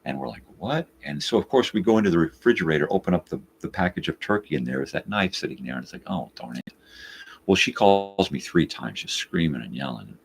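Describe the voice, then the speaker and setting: A man's voice: very deep voice, fast talker, creaky, few pauses, slight background noise. A man hosting a live morning show, telling a story casually, swearing and exasperated, acting out both sides of what was said. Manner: animated, acts out both sides of the quoted talk.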